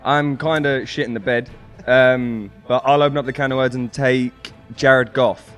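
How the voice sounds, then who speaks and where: A man's voice: medium pitch, steady tone, normal speed, a bit bright, clean tone, soft background music. Dry, teasing man at a draft. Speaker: draft participant.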